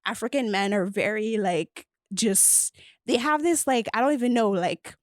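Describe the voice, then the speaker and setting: A woman's voice: mid-range voice, normal speed, dry recording, clean studio sound. A woman guest on a podcast telling a dating story in casual chat, acting out the other people's lines as she goes. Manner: animated, acts out quoted dialogue.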